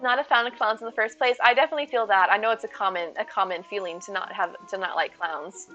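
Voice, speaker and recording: A woman's voice: medium pitch, fast talker, pushed and bright, lo-fi sound, faint music behind. A woman streaming live and chatting with viewers, playful and silly, full of jokes and puns.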